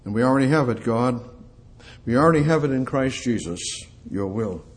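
A man's voice: mid-range voice, lively intonation, brisk. An older man preaching a sermon, emphatic and repetitive, quoting scripture and putting questions to his listeners. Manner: emphatic, repeats phrases, quotes scripture, asks the congregation questions.

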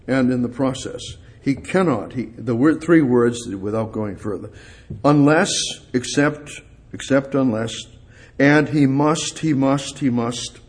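A man preaching a sermon, explaining Bible verses with emphatic repetition and rising, forceful peaks. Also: mid-range voice, breathy edge.

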